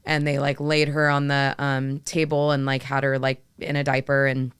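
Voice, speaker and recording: Low-voiced woman chatting reflectively. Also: completely flat delivery, normal speed, smooth, no echo. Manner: soft, filler-heavy, reflective. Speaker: podcast co-host. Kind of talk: casual chat.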